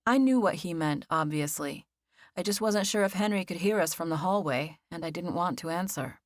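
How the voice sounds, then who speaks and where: Low-voiced woman narrating an audiobook. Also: animated, normal speed, dry recording, clean studio sound. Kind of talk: first-person audiobook narration.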